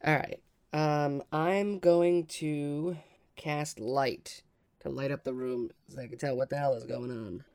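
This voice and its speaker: Player, male: smooth voice, casual and hesitant, curses now and then. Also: on the high side, fairly even intonation, takes it slowly, a little mellow. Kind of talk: casual tabletop play.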